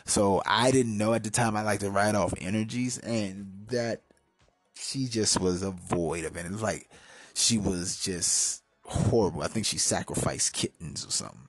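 A man's voice: on the low side, normal speed, no echo, faint music behind. Profane, rambling podcast storyteller man. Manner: profane, rambling, swings from mumbling to loud outbursts. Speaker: podcast host. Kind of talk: casual storytelling podcast monologue.

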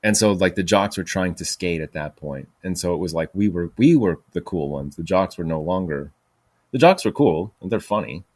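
A man's voice: deep voice, animated, normal speed, darkish tone, slightly rough, dry recording. A man hosting a podcast, telling stories in a rambling way with many fillers and restarts. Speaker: podcast host. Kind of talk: casual storytelling monologue.

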